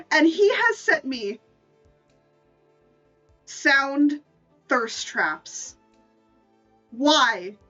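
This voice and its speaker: A woman's voice: high voice, fairly bright tone. A woman streamer in casual chat, rambling and stammering through restarts, laughing often. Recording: distant mic, dull lo-fi sound, faint music behind.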